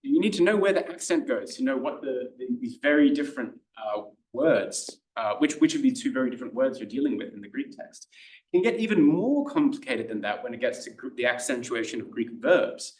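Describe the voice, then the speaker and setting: Casting: Australian male tutor, middle pitch, chatty and halting, recorded from across an echoey room. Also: very animated. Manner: chatty, hesitant, many fillers and restarts. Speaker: Greek tutor giving a lecture. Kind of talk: informal lecture. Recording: roomy lecture room, mic at a distance.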